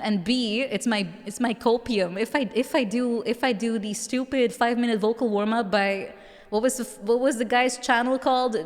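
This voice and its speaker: A woman's voice: fairly high pitch, long reverb tail. A woman streamer with a mature-sounding voice, chatting casually with viewers and giggling often.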